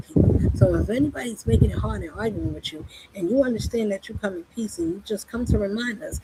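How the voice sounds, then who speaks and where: A woman preaching fervently in a monologue, pressing her listeners with rhetorical questions. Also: medium pitch. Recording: loud background noise.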